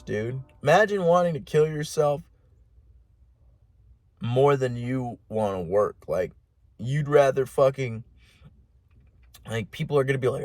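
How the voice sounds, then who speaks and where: A man's voice: medium pitch, no room sound. A man hosting a podcast alone, rambling in a casual monologue with heavy swearing, lots of "like" and restarts. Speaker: podcast host.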